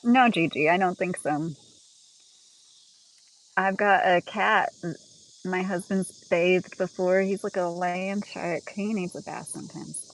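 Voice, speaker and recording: A woman chatting casually on a livestream as she walks through her home and garden, rambling with lots of "like" and quick laughs. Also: lowish voice, steady tone, poor audio.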